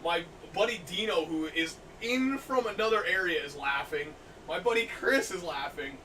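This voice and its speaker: A young man hosting a podcast, telling stories in an animated way, laughing often and loudly acting out what people said. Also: high voice, normal speed. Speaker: podcast host. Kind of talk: casual storytelling chat. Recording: distant mic, faint noise.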